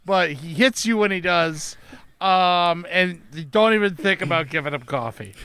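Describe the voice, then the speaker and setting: A man hosting a casual comedy podcast from home, upbeat and quick to laugh. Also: high voice, expressive, pushed and bright, clear, resonant tone, dry recording. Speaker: podcast host. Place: home setup during lockdown.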